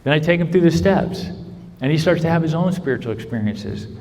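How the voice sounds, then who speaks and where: A man's voice: a little high, animated, a little fast, darkish tone. A man telling his own recovery story to a convention crowd, in earnest storytelling with frequent "right?" checks. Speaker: recovery speaker. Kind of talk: personal testimony talk. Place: large convention hall. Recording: convention hall with long reverb.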